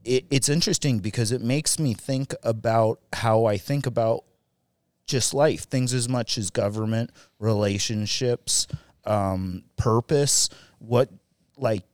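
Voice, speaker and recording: A man's voice: mid-range voice, unhurried, darkish tone, no room sound. Male podcast co-host, easygoing and rambling, medium voice, dry booth sound. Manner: rambling, laughs often, many fillers. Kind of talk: casual round-table chat.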